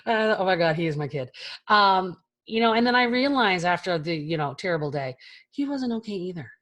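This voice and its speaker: A woman in her forties speaks candidly to an online audience over a video call, with a slightly low voice. Her talk is chatty and frank, and she drops casual swear words as she goes. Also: lively intonation, fairly quick, a bit bright. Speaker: keynote speaker.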